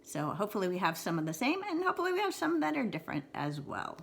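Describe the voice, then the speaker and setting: A woman teaching a video lesson on syllables, repeating words slowly and exaggerating them, with encouraging asides. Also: mid-range voice, huge pitch swings, gravelly, slight background noise. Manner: slow, exaggerated word repetition, encouraging. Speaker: writing teacher.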